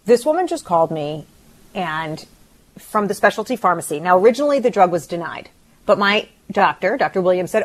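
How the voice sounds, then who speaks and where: A middle-aged woman co-hosting a radio show, talking in a shaken, emotional way with halting restarts. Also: lowish voice, lively intonation. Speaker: radio co-host. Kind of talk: casual radio talk.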